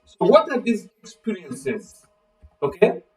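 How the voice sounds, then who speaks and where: A man's voice: high voice, slow pace, recorded from a distance, rough recording. A man teaching a literature lesson, calling on students by name and asking fill-in-the-blank questions. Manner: animated, acts out voices of characters. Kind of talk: live online literature lesson.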